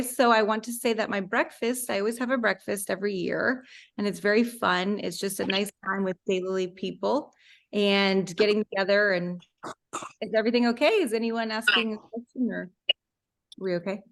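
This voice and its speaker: A woman presenting a talk with slides over a video call, rambling and warm, with many fillers. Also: medium pitch. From Florida, USA. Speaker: guest speaker.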